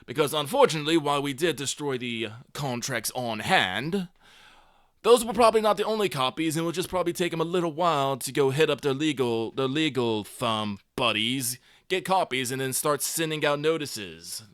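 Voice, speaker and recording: A man voicing a scheming male gang leader villain in a gravelly voice, delivering a smug threatening speech. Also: fairly high pitch, normal speed, fairly bright tone, no room sound, clean studio sound, close to an everyday voice. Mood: smug menacing.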